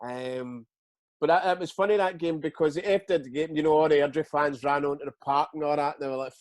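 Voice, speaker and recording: A Scottish man in his forties, a guest telling stories in a casual interview, halting and repeating words as he goes. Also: a little high, dry recording. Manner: lively storyteller. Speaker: guest, retired footballer.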